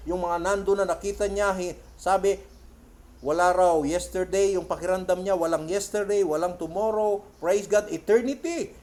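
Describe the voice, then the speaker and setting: A Filipino man preaching a church sermon. He reads English quotes slowly and loudly, then retells them in quick Tagalog. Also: high-pitched. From Philippines.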